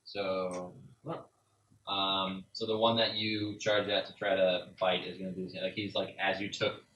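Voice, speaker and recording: A man's voice: deep voice, little pitch movement, normal speed, a bit bright, dull audio, slight background noise. A man narrating as game master in a casual, rambling way, full of "like"s, recorded in an echoey room from a distance. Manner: casual, filler-heavy narration with many "like"s.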